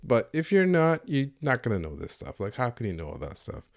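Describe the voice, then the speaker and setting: A man's voice: mid-range voice, huge pitch swings, a little fast, no room sound, studio quality. A man hosting a solo podcast, talking in an opinionated, sardonic, ranting way. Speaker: podcast host.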